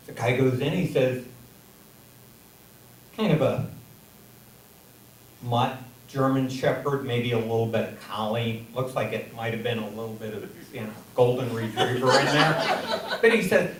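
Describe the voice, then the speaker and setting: On a comedy theater stage, a man from the audience tells a long shaggy-dog joke, rambling, repeating words, and restarting. His voice is medium-pitched at a moderate pace, picked up from far off in an echoey, noisy theater.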